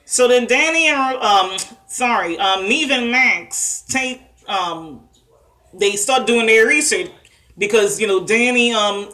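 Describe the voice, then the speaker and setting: A woman's voice: mid-range voice, sharp tone. A woman recapping a TV episode in a casual chatty monologue, full of fillers and asides. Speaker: vlogger reviewing a TV episode.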